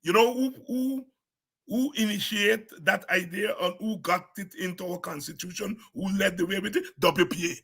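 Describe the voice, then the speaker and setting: A man with a Guyanese accent giving an impassioned political address as a party leader, forceful and emphatic, repeating words for stress. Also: high-pitched, moderate pace, creaky, slightly rough.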